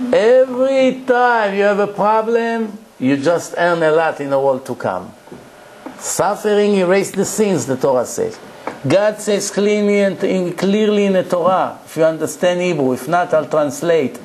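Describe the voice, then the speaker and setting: Higher-pitched preaching rabbi, emphatic. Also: male voice, darkish tone, low-quality recording. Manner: emphatic preaching with told stories and rhetorical questions. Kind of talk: Torah lecture to a live audience.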